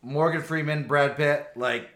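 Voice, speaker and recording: A man's voice: fairly high pitch, steady tone, measured pace, fairly bright tone. A man co-hosting a podcast, chatting casually with lots of fillers and swearing. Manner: laid-back, swears, many fillers. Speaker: podcast co-host. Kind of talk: casual chat. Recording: echoey room, faint noise.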